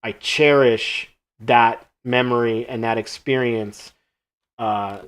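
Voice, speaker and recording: A man hosting a live stream, telling a casual anecdote from his studio and acting out the lines of the people in it. He often trails off into quiet asides. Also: mid-range voice, slow pace, background noise. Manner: animated anecdote-telling that acts out quoted dialogue, trailing off quietly. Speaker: host and creature sculptor. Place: his own art studio.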